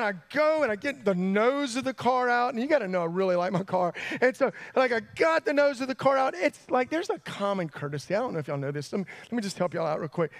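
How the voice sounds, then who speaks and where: A man telling a sermon story to students, animated, jumping between hushed asides and excited yelps. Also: high voice. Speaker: youth pastor. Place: church hall.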